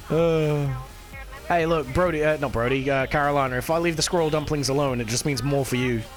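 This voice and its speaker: Chatty man streaming. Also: fairly high pitch. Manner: chatty, swears casually, reads and answers chat while playing. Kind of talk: casual live-stream chat. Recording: faint music behind.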